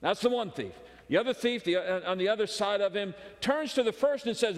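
Emphatic high-voiced preacher in a hall. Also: male voice, lively intonation, moderate pace. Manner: emphatic preaching, swinging between loud urgency and hushed intensity. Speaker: pastor. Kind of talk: sermon.

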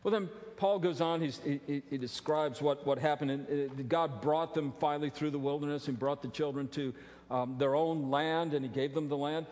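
A middle-aged male pastor preaching a sermon, animated and joking, with frequent restarts. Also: fairly high pitch, moderate pace. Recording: long reverb of a large hall.

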